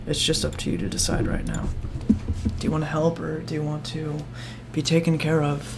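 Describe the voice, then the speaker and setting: A game master doing a weary, soft-spoken protective man. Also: medium pitch, moderate pace, gravelly, very noisy, natural voice. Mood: grave. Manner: soft, hushed, heavy-sighing. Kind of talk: role-play in a tabletop game.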